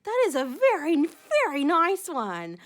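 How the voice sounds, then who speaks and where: A woman's voice: high-pitched, huge pitch swings, measured pace, a bit bright. A young woman unboxing seashells on her vlog, gushing and giddy, gasping with delight. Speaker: shell collector unboxing a gift.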